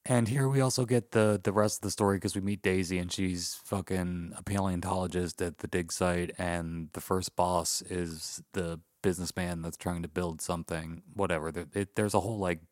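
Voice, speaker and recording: Deep-voiced man, wry movie recap. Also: fairly even intonation, normal speed, few pauses, no room sound, clean studio sound. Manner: wry, recaps the plot with sarcastic asides. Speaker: podcast co-host. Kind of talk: casual comedic movie review chat.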